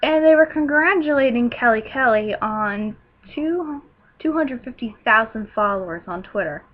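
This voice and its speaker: A teenage girl recapping a wrestling show in a casual, gushing way, breaking into loud excited outbursts. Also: on the high side, normal speed, narrow, tinny audio. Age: teens.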